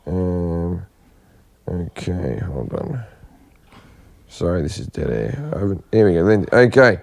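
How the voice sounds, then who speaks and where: A man's voice: low-pitched, animated, a little slow, vocal fry, darkish tone. A man hosting a podcast, telling a story with lots of swearing and laughing. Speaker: podcast host. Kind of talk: crude casual chat.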